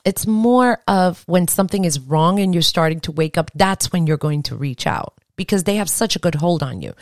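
A woman with a low voice talks through a podcast episode, her pitch swinging up and down as she rambles earnestly and circles back on herself. The sound is close and dry. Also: no room sound. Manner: lively, earnest, rambling with restarts. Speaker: podcast host. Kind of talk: casual podcast monologue.

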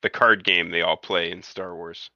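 A man's voice: sits low, fairly even intonation, normal speed, bright, forceful tone, no room sound. A man in a casual film discussion podcast. He is opinionated and often stumbles and repeats words. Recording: dull lo-fi sound.

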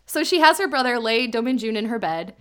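A woman in her thirties, an animated storyteller casually recapping a drama as a podcast co-host. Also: a little high, fairly quick, over a noisy crowd.

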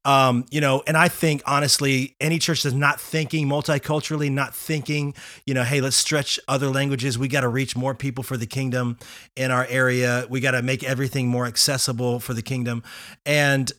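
Bright-voiced enthusiastic man hosting. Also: mid-range voice, flat delivery, fairly quick, no echo, studio quality. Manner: enthusiastic, frequent "wow" and "man". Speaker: podcast host. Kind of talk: casual interview chat.

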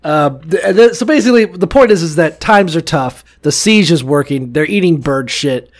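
A man's voice: on the high side, animated, moderate pace. A man from Ohio co-hosting a casual comedic chat, profane and laughing often as he acts out little voices. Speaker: podcast co-host.

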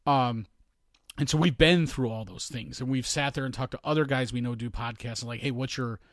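A man's voice: mid-range voice, steady tone, a little fast, dry recording. A man co-hosting a podcast in casual chat, rambling through stories and acting out quoted asides. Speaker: podcast co-host.

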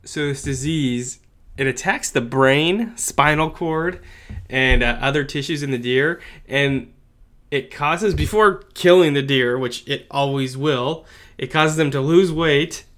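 Man, podcast co-host, bright timbre, jokey and halting, casual news banter. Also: fairly high pitch.

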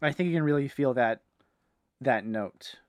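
A man co-hosting a casual podcast chat, relaxed and quick to laugh. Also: medium pitch, no echo, clean studio sound. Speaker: podcast co-host.

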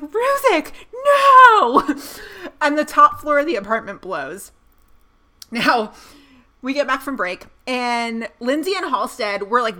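A woman co-hosting a casual podcast chat, recapping a TV episode with animated storytelling. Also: a little high. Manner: animated storytelling, laughs while acting out scenes. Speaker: podcast co-host.

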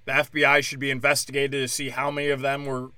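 Fast and monotone, a man's mid-range voice sounds bright and forceful in a dry recording. He hosts his own podcast alone, a stand-up comedian delivering an angry, profane, sarcastic rant and mocking people in put-on voices.

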